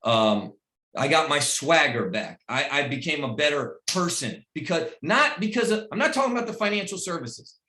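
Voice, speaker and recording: A middle-aged man giving a motivational speech to his team on a video call, emphatic and repetitive, swinging between loud pep talk and quiet personal stories. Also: fairly high pitch, very animated, moderate pace, echoey room. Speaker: team leader addressing his recruits.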